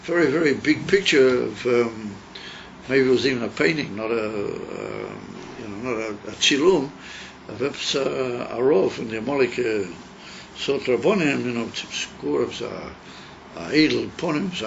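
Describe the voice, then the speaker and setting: Male rabbi, gravelly mid-pitched voice, halting delivery laced with Hebrew and Yiddish terms; dull lo-fi tape. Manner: halting, many fillers, mixes Hebrew and Yiddish terms into English. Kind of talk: teaching a Hasidic text with a story. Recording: dull lo-fi recording with faint hiss.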